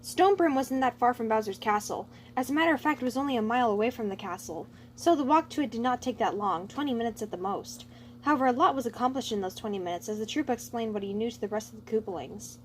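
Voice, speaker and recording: A woman reads fan fiction aloud in a steady storytelling manner. Her voice sits a little high, and a faint hum runs under the recording. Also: quick pace. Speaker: narrator.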